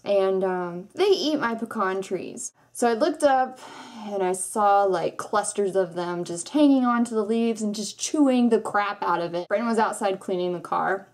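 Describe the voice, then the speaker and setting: A woman's voice: medium pitch, moderate pace. Chatty woman rambling through a vlog. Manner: rambling, self-deprecating, animated storytelling. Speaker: book vlogger. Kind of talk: casual chatty book review vlog.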